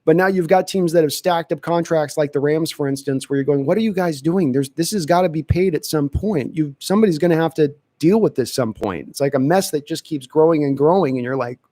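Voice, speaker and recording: Brief: male host, casual live-stream chat, thinks out loud, dry close-miked sound. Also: on the high side, brisk, few pauses, no room sound. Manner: chatty, thinks aloud with restarts. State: dry throat. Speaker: podcast host answering chat questions.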